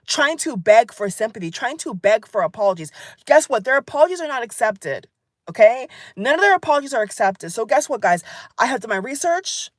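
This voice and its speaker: A woman's voice: on the high side, big pitch swings, fairly quick, dry recording, studio quality. A woman vlogger delivering an angry, emphatic political rant to her viewers, repeating phrases for stress and calling them "guys.". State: angry and upset.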